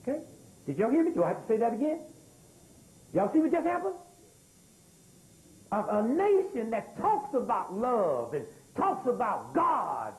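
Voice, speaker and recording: Animated older man lecturing a crowd. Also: very high-pitched, normal speed, pauses often, rough recording. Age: 60s. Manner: animated, calls out to the crowd for responses; emphatic, repeats key words. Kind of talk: live lecture to an audience. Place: lecture room with audience.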